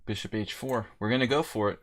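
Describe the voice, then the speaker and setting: A middle-aged man with a low, deep voice, live-streaming a game and talking through his moves as he goes. His delivery is chatty and wry, and he breaks off to banter with his viewers in a relaxed, joking way. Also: quick pace. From United States. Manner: chatty and joking, answering chat mid-game. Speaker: chess streamer. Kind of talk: live-streamed game commentary, thinking aloud.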